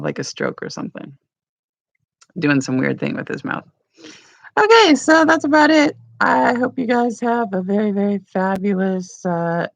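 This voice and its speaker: Low, gravelly woman vlogger, chatty and rambling, lively pitch, lo-fi home recording. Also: no room sound. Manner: rambling, chatty, lots of "like" and "you know". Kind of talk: casual morning vlog chat. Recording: dull lo-fi sound.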